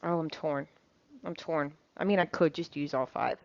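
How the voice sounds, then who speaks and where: A woman's voice: low-pitched, normal speed, a little mellow, dry recording. A woman chatting casually as she cooks, rambling with lots of ums and casual swearing. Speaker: cooking vlogger. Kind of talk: casual chat while cooking. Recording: dull lo-fi sound.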